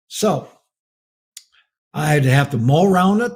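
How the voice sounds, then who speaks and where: A man's voice: a little high, lively intonation, takes it slowly, gravelly, long pauses, darkish tone, husky. A man preaching a marriage message as a folksy story and chuckling often as he tells it. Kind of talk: storytelling sermon.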